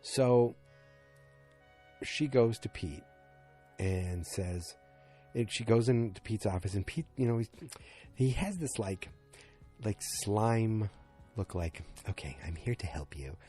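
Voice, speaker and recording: A man's voice: fairly low pitch, lively intonation, slow, long pauses, warm tone, soft background music. A man hosting a fan podcast, recapping an episode in a rambling, casual way and acting out quotes with lots of filler words. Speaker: podcast host.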